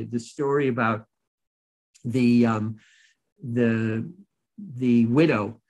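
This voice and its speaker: A rabbi giving a Torah lesson, who reads verses in Hebrew, translates them, and explains them with a story. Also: male voice, mid-range voice, low-quality recording. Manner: tells a story to make a point. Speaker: rabbi teaching a weekly Torah class.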